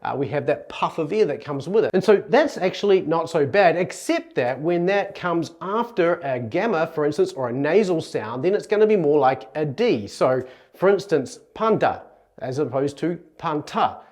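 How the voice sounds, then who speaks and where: Kiwi guy explaining greek sounds, bit high voice, earnest and chatty. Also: animated, moderate pace, darkish tone. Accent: New Zealand English. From New Zealand. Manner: earnest, conversational, restarts and self-corrections. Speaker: Greek teacher. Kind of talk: explanatory video lesson.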